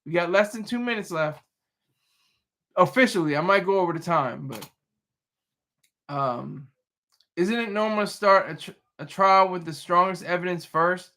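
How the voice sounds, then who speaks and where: A man's voice: sits high, animated, normal speed, long pauses, sharp tone. A man hosting a livestream, casually chatting and reading viewer comments with playful teasing and frequent restarts. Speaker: livestream host.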